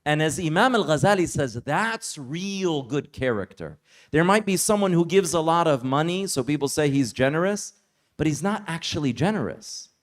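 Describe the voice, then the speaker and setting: Casual, higher-voiced man telling a story. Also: lively intonation, fairly quick. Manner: casual, conversational, heavy use of "like". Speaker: Islamic teacher. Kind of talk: storytelling religious lecture. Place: summer retreat lecture.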